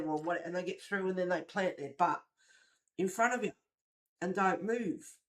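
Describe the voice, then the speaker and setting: A woman, hosting a livestream and chatting casually while colouring, telling a story in an animated, gossipy way with the odd swear word. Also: lowish voice, normal speed, pauses often. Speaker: livestream host.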